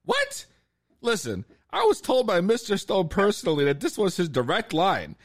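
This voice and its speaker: High, excitable ranting man. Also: normal speed. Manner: agitated, ranting. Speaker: podcast co-host. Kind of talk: comedic podcast banter.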